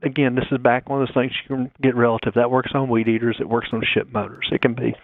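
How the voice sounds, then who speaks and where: A man's voice: mid-range voice, little pitch movement, fast, dry recording. Man explaining engine tech over the phone. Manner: explanatory, talks through figures step by step. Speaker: guest engineer calling in. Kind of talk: technical phone interview. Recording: dry tinny phone line.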